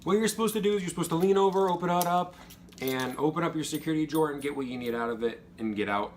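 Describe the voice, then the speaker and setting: A young man telling stories and giving casual advice about basic training, acting out the instructors' yelling. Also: a little high, quick pace, a little hiss or hum. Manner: animated, acts out drill instructors' yells. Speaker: vlogger, former Air Force trainee.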